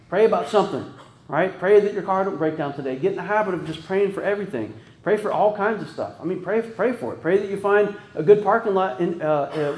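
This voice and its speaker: A man's voice: sits high, darkish tone. A man preaching an informal sermon, talking conversationally with many restarts and frequent "right?" checks. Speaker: pastor. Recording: echoey room.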